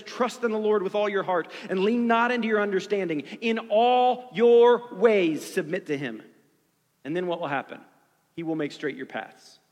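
A man's voice: sits high, in a large hall. A man in his forties preaching a sermon in earnest, building through repeated phrases. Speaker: pastor.

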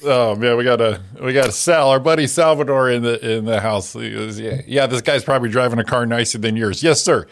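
A man hosting a morning radio show, chatting in a relaxed, blunt way and steering the talk to the next segment. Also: medium pitch, fairly quick, few pauses. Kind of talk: casual radio chat.

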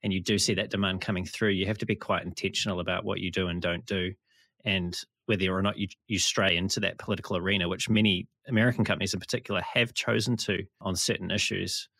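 Low-voiced New interviewer. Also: male voice, steady tone, gravelly, sharp tone, dry recording. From New Zealand. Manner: measured, thoughtful questions. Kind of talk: casual interview.

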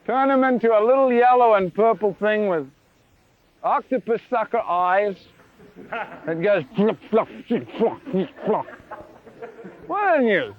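A man preaching a sermon in an animated, playful way, with sound effects, in a lo-fi recording. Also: high voice.

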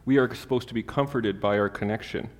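A male preacher at a middle pitch who talks to his congregation casually and with humor, moving between stories and scripture. His voice carries a long, lingering reverb, as if heard in a large hall. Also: brisk. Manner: conversational and humorous, with lively asides and Bible readings. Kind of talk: sermon.

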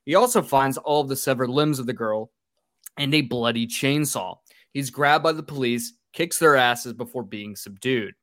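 A man's voice: mid-range voice, a bit bright, no room sound. Male podcast co-host, mid voice, dry mic, jokey plot summaries. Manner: joking, crude, brisk plot summary. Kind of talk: casual chat and plot recap.

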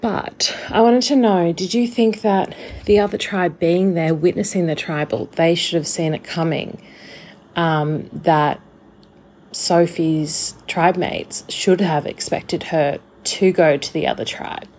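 A woman's voice: on the low side, fairly even intonation, takes it slowly, darkish tone, slight background noise. A woman, a listener chatting casually in a voice memo.

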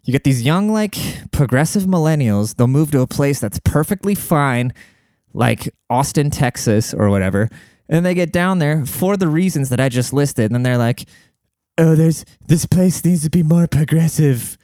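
A man's voice: medium pitch, lively intonation, moderate pace, a little mellow, clear, resonant tone, dry recording, clean studio sound. A young man hosting a casual solo podcast from home, talking in a crude, rambling and sarcastic way. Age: young adult. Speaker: podcast host. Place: home room with a cat.

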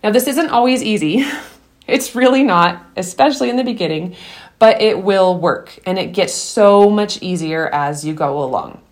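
A woman's voice: mid-range voice, expressive, moderate pace. A woman hosting a podcast, giving earnest, encouraging parenting advice and telling her own story, often restarting sentences. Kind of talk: earnest advice talk mixed with personal story.

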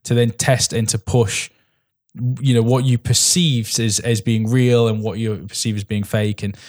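A man's voice: mid-range voice, flat delivery, normal speed. A man co-hosting a casual film review chat, rambling with frequent restarts and hesitations. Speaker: podcast co-host.

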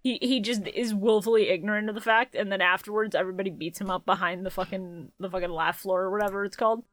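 A woman's voice: mid-range voice, steady tone, fast talker, no echo. A woman co-hosting a comedy podcast, sarcastic and teasing in casual chat. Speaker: podcast co-host.

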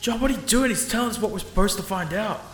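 Player with a mid-range voice, urgent and pleading, roomy echo. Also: male voice, high-pitched, quick pace, fairly bright tone, faint music behind. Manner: urgent, pleading with his partner. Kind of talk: role-playing a character in a tabletop game.

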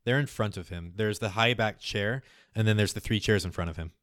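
A man running a tabletop game as game master, giving lively, descriptive narration. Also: on the low side, brisk, dry recording, studio quality.

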